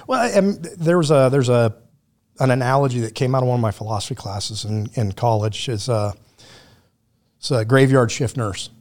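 A man speaking as a podcast guest in loose, casual conversation. He tells his stories bluntly, with plenty of swearing, at an ordinary middle pitch. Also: normal speed, a little mellow. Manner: blunt, profane storyteller.

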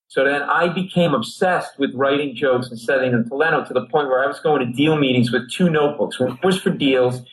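A man's voice: medium pitch, brisk, hardly any pauses, poor audio. A middle-aged man from Rhode Island, a comedian telling a long story on a talk show and acting out the people in it. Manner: animated, acts out characters in his stories. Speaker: comedian guest.

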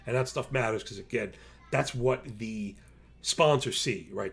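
A man hosting a podcast, talking casually and rambling excitably to his listeners. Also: mid-range voice, normal speed, gravelly. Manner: rambling, excitable, self-described motor mouth. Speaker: podcast host.

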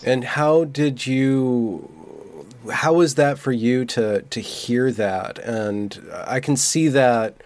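A man's voice: mid-range voice, takes it slowly, a little mellow, no echo. A man hosting an interview, asking careful, thoughtful questions with some restarts.

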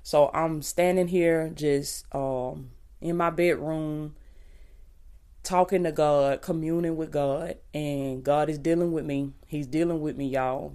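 A woman hosting a faith podcast from her bedroom, chatty and preachy, with a raspy just-woken-up voice. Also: low voice, darkish tone. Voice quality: raspy morning voice. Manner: chatty, preachy, addresses listeners as y'all. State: just woke up. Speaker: podcast host. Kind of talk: casual faith-based podcast talk. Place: bedroom, standing.

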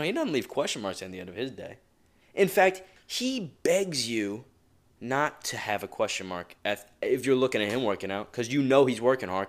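A man's voice: lowish voice, a bit bright. A young man hosting a motivational podcast alone, talking casually and rambling with many asides and chuckles. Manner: rambling and conversational, with frequent asides; chuckles often. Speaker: podcast host.

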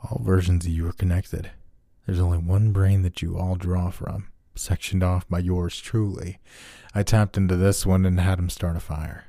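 A man puts on a menacing double, a villainous other self in a horror story. He speaks quietly and threateningly, sometimes close to a whisper, in a deep, dark voice recorded dry. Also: level tone, normal speed, no echo.

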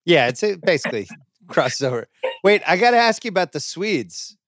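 A middle-aged man hosting a podcast, chatting casually and asking quick follow-up questions. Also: high voice, big pitch swings, fairly bright tone, no room sound, clean studio sound. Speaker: podcast host. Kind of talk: casual chat.

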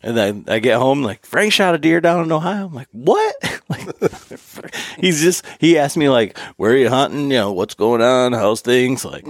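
A man's voice: mid-range voice, fairly quick, few pauses, no echo, clean studio sound. A man hosting a casual hunting podcast, telling stories and acting out quotes. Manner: animated storyteller, acts out quotes with laughs. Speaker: podcast host. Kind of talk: casual chat.

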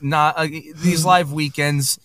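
A man's voice: a little high, steady tone, takes it slowly, a loud crowd. A man chatting casually on a podcast, telling a long story with many fillers and restarts. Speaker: podcast guest.

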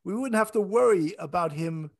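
A man's voice: high voice, expressive, moderate pace, gravelly, a little mellow. A man hosting a true crime interview show, thanking viewers and asking his guest questions in a casual way. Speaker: podcast host. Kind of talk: interview talk.

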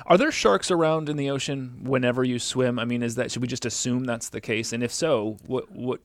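Male radio host, mid pitch, dry studio sound, conversational and hesitant. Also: fairly even intonation, a little fast, hardly any pauses, no room sound. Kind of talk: radio interview questions.

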